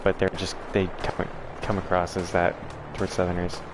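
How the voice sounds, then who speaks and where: Man hosting a gaming stream, low-ish voice, loose and blunt, answers chat with lots of ums and restarts. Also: monotone, normal speed, over music. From southern United States. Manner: rambling, frank, many fillers and restarts. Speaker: livestream host. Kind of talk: casual chat answering viewers.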